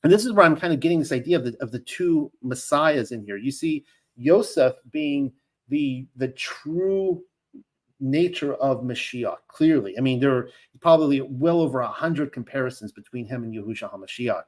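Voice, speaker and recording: Male scripture teacher, mid pitch; measured, earnest readings broken up by easygoing, filler-heavy commentary. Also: animated. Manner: conversational, many fillers and restarts between solemn reading; reads old-style scripture in an earnest, measured tone.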